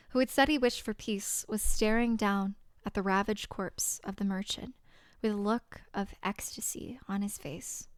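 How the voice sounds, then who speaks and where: A young woman streamer reading a visual novel aloud and reacting expressively, her voice hoarse and strained. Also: medium pitch, no echo. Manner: expressive, reacts with laughs and exclamations.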